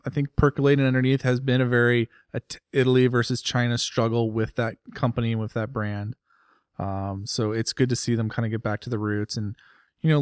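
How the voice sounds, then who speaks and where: A man's voice: fairly low pitch, smooth, no echo, clean studio sound. A man co-hosting a motorcycle podcast in casual, rambling chat. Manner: rambling, chatty, laughs often. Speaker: podcast co-host.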